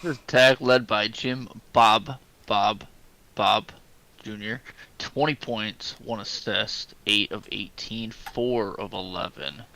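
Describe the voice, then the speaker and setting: A man co-commentating a streamed video game basketball game, relaxed, reading out stats with filler words. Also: on the low side, takes it slowly, poor audio. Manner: relaxed, reads stat lines with fillers. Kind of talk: casual sports commentary.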